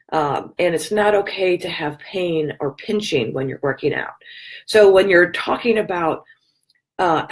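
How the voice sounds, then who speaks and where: A woman speaks casually to her regular viewers in a fairly low voice. Her throat is scratchy and her voice is fading, so she stops to clear it now and then. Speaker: wellness talk host. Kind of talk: casual daily talk to viewers. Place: hotel room.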